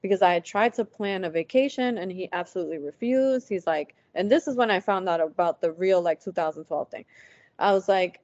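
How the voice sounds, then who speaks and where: Low-voiced woman telling her story. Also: brisk, darkish tone, no room sound. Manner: quotes past dialogue, lots of "like" fillers. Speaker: interview guest. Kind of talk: casual personal storytelling. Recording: dull lo-fi, dry sound.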